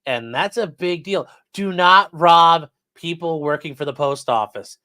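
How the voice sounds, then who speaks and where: A fairly high-voiced man reads rulings aloud and then mocks them. He speaks straight to his chat, and the sound is dry and close. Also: measured pace, pushed and bright, dry recording. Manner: sarcastic, talks straight to chat, swears. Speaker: streamer discussing court cases. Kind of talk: casual livestream commentary.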